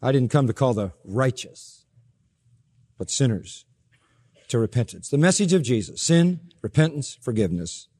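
A man preaching a sermon as pastor, emphatic, with sharp rises in pitch and soft drops at the ends of phrases. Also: animated, moderate pace, slightly rough, in a large hall.

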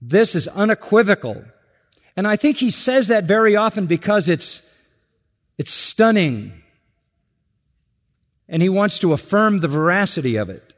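A man preaching an expository sermon, slow and deliberate, stressing each point and asking rhetorical questions. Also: high voice, big pitch swings, in a large hall. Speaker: pastor. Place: church sanctuary.

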